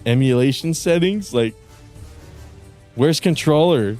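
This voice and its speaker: A young male streamer in a casual livestream rant, cursing and venting in frustration with bursts of yelling. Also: fairly high pitch, expressive, slow pace, soft background music. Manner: frustrated, profane ranting with bursts of yelling and laughter.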